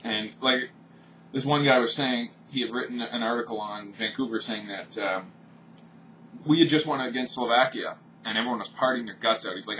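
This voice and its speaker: A man's voice: medium pitch, moderate pace, bright, forceful tone, slight background noise. Blunt, profane man ranting. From Canada. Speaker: vlogger. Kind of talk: off-the-cuff ranting monologue. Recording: distant, dull home-recorded audio.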